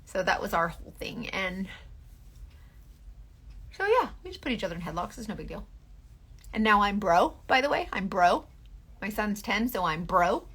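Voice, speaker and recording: A woman's voice: medium pitch, sing-song, normal speed, long pauses, fairly bright tone, breathy edge. A woman, hosting a casual makeup chat in a rambling way full of fillers. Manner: rambling, filler-heavy, restarts often. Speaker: beauty livestream host.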